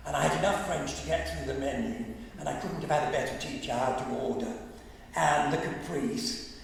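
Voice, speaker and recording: A man's voice: a little high, vocal fry. Man telling stories in an echoey hall. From England. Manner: chuckling anecdotes with sung and quoted snatches. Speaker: guest speaker. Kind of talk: anecdotal talk. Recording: echoey hall, mic far off, faint hum.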